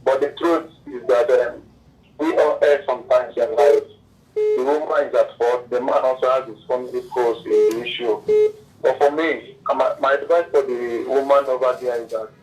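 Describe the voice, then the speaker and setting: Calm man caller, distant line. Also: medium pitch. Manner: measured, calm advice. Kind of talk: radio phone-in call.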